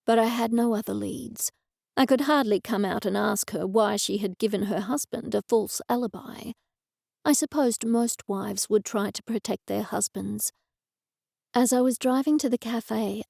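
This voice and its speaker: A woman narrating a cozy mystery audiobook in the first person, with even, measured storytelling. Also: a little high, vocal fry, no room sound, clean studio sound.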